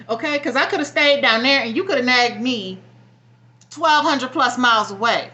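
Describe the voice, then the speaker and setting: Vlogger, young woman: high, bright voice, blunt profane venting, near tears. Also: lively intonation, normal speed. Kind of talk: emotional personal vlog rant.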